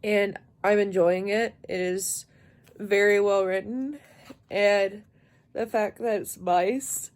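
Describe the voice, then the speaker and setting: A woman's voice: fairly even intonation, slow. Sleepy young woman book vlogger. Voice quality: sleepy, low-energy delivery. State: tired, yawning. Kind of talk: casual late-night vlog.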